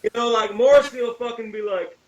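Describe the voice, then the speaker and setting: A man's voice: very high-pitched, fairly even intonation, fairly quick, far from the mic, crowd noise, low-quality recording. A man guest chatting casually on a video call, emphatic and opinionated, swearing freely. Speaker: interview guest.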